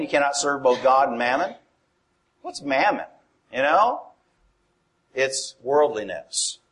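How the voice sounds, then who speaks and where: A man preaching a sermon in a conversational way, often asking his congregation questions. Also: mid-range voice.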